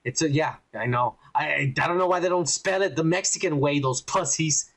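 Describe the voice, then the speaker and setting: Dude on a podcast, kinda high voice, cursing nonstop, rambly and hyped. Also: male voice, brisk. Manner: profane, rambling, excitable. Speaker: podcast co-host. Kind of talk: casual chat.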